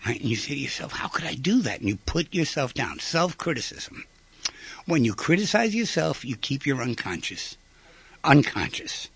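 Husky, gravelly man lecturing animatedly. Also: a little high, fairly bright tone, no room sound. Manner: conversational, asks the audience rhetorical questions; acts out short quoted voices. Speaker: speaker giving a talk. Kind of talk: informal lecture.

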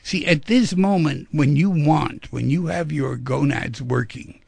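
Male radio call-in host, playful storyteller; husky, dry studio sound. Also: fairly high pitch, measured pace, darkish tone, no echo. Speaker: radio talk show host.

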